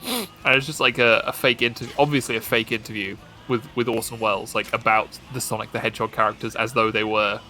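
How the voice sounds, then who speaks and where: A man's voice: lowish voice, fairly even intonation, brisk, bright, forceful tone. A man streaming a game, chatting casually in a rambling, joking way and often cutting himself off mid-sentence. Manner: rambling, self-interrupting, joking. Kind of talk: casual gaming chat.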